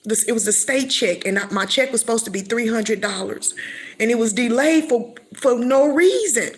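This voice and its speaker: A woman's voice: on the high side, moderate pace. A middle-aged woman telling a personal faith testimony, acting out her past conversations and often repeating and restarting her words. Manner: emotional storytelling, acting out her own past dialogue. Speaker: speaker sharing a faith testimony.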